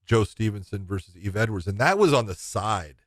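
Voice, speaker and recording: A man with a fairly low voice tells a story on his podcast, acting out the lines of the people in it. The sound is close and dry. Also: fairly quick, dry recording. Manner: lively storyteller who acts out quoted dialogue. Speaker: podcast co-host. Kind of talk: casual chat, telling stories.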